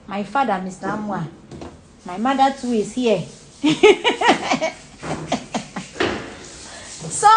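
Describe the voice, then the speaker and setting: A young woman with a Ghanaian accent, her voice very high, gives a blunt home tour to camera full of swearing, switching between Pidgin and Twi. She's a celebrity showing off her house in casual, animated talk, with plenty of noise in the background.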